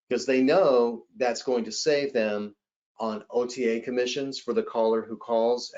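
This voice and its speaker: Male trainer, mid-pitch, energetic webcast presenter who jumps into character bits; slightly muffled stream sound. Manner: animated, acts out callers and agents in role-play. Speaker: hospitality sales trainer. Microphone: webcast mic.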